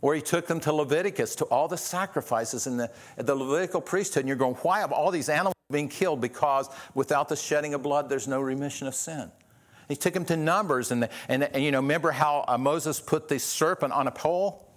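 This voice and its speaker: A man's voice: on the high side, brisk. Earnest male pastor preaching a sermon. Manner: earnest, with frequent restarts and rhetorical questions.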